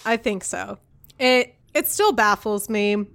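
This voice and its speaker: A woman chatting casually on a podcast, rambling and animated with lots of fillers and restarts. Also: mid-range voice, takes it slowly, gravelly.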